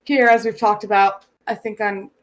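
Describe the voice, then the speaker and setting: A young American woman co-hosts a podcast in a casual chat, frank and chatty as she tells rambling anecdotes. Her mid-range voice has a flat delivery at a moderate pace.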